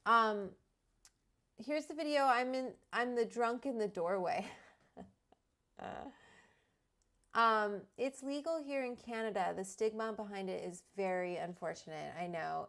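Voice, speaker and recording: Chatty woman streaming from home, reads comments aloud, mid-pitched voice. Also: moderate pace, fairly bright tone. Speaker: livestream host. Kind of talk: casual livestream chat. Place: at home with her dog.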